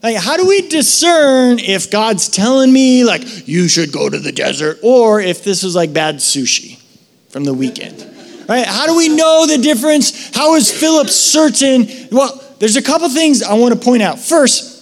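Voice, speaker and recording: A man with a high voice delivers a sermon like a story told to friends. He is a middle-aged pastor who keeps dropping quick, casual asides. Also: big pitch swings.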